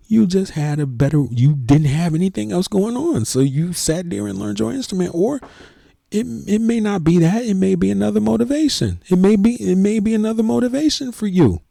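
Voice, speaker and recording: A middle-aged church organist talking earnestly and emotionally to the camera, in a heartfelt, preachy way. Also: male voice, high voice, gravelly, dark tone, dry recording, clean studio sound. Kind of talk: heartfelt casual talk to camera.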